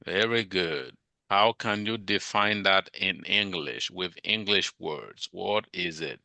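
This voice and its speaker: Man, teacher, classroom lecture, slow, bright tense tone, dry sound. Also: deep voice, creaky, dry recording. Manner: questioning, drilling students on vocabulary.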